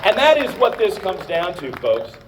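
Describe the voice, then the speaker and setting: A man's voice: high voice, huge pitch swings, normal speed, recorded from a distance, a little hiss or hum, rough recording. Middle-aged man giving a rousing rally speech. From Virginia. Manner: emphatic, rousing, addresses the crowd. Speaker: political candidate and radio host. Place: outdoor rally by a courthouse.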